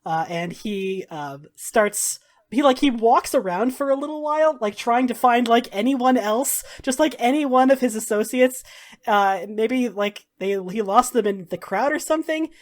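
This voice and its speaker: A woman's voice: on the high side, animated, moderate pace. A woman narrating as game master in a casual, chatty way.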